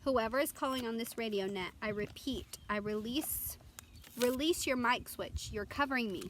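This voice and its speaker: A woman voicing a calm male radio operator, speaking in clipped, formal radio phrases. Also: fairly high pitch, normal speed, slight background noise, close to an everyday voice.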